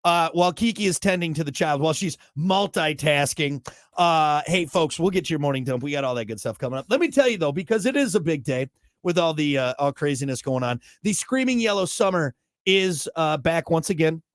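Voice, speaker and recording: A man's voice: fairly high pitch, lively intonation, fairly quick, no echo, studio quality. A man in his thirties hosting a morning radio show, chatting casually with a joking, rambling, self-mocking manner. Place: radio studio.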